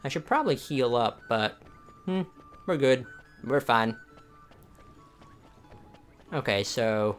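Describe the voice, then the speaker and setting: Relaxed man commenting on gameplay. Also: medium pitch, slow pace, long pauses. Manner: relaxed, rambling, self-correcting. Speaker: let's play host. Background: game music.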